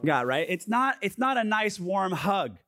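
Casual, energetic youth pastor, dry sound. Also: male voice, high voice, a little slow, dry recording. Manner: casual, energetic preaching with many fillers; drops to a soft, quiet tone for scripture. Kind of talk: sermon. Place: youth gathering.

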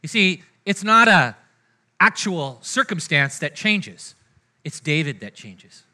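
A man preaching a sermon in a casual, conversational way, often checking in with the congregation and moving between loud, energetic lines and hushed ones. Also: on the high side, slow. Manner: conversational preaching, frequent "right?" and "amen?" asides to the congregation. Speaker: pastor.

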